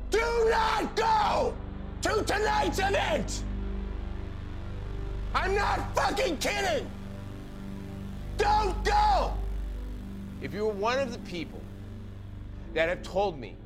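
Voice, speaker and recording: A man's voice: high-pitched, wildly swooping pitch, slow, pauses often, exaggerated voice. An actor playing a furious young woman sorority officer who rants and swears in a dramatic reading over music. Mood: screaming. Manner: profane, seething, building to screaming. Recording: loud music under the voice.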